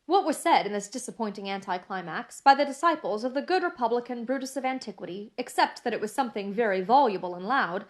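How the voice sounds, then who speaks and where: Woman narrating a classic novel. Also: a little high. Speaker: audiobook narrator.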